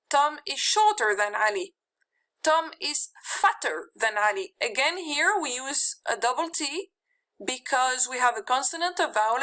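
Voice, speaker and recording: High, bright-voiced woman teaching slowly. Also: rough recording. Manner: patient, repeats example words slowly; walks through rules step by step. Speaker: English teacher. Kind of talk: grammar lesson.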